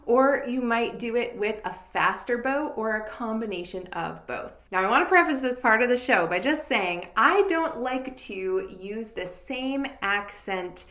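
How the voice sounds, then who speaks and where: A woman teaching fiddle, explaining in a clear and patient way and counting beats aloud. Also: on the high side, animated, measured pace, hardly any pauses, bright, forceful tone, echoey room. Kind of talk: instructional tutorial.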